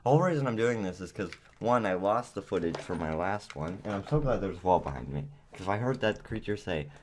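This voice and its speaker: A man's voice: low voice, expressive, a little fast, darkish tone, slight background noise. A man in his home recording setup giving casual, nervous reaction commentary, chattering to himself. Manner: jittery, nervous chatter with self-talk. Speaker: gaming vlogger.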